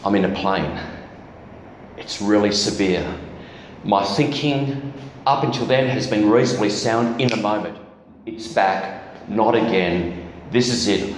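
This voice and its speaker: A man's voice: lowish voice, a little slow, long pauses, a little hiss or hum. A man giving a candid testimony as guest preacher at a church, telling a personal story with self-deprecating humor. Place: church hall. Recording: echoey church hall.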